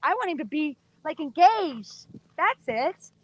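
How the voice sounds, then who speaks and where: A woman's voice: high voice, sing-song, measured pace, background noise. A woman horse trainer teaching casually while she works a horse, chatting to the viewers and coaxing the horse with praise.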